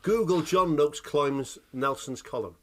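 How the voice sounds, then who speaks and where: A man co-hosting a casual chat podcast, telling animated, sweary stories and checking in with "right?" after every point. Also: fairly high pitch, a little slow. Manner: animated storytelling, sweary, keeps asking "right?". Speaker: podcast co-host.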